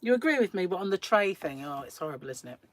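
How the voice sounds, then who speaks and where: Her voice is lowish, sing-song and fast. She's from England, hosting a crochet livestream in a small room at home, where she laughs a lot and chats and rambles casually with the people watching live.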